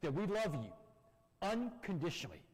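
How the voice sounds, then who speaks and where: A man's voice: sits high, normal speed, slightly rough, voice pushed up, full character voice. A man voicing a firm, loving mother. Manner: calm and firm, then urgent. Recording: long church-hall reverb.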